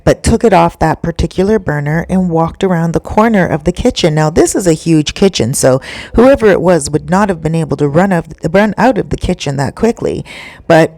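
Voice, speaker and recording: A woman's voice: fairly low pitch, a little fast, dry recording. Chatty woman telling a spooky story. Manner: chatty and animated, many asides.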